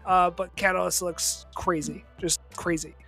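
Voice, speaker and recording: A woman's voice: on the low side, steady tone, normal speed, fairly bright tone, slightly rough, soft background music. A woman hosting a casual chat show, rambling loosely with lots of restarts. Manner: rambling, many fillers and restarts. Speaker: host.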